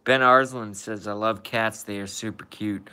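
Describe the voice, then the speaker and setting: A man's voice: fairly low pitch, steady tone, normal speed, pushed and bright, clear, resonant tone. A tired man who has been up all night, chatting casually and profanely on a live stream, rambling and talking to his cat and viewers.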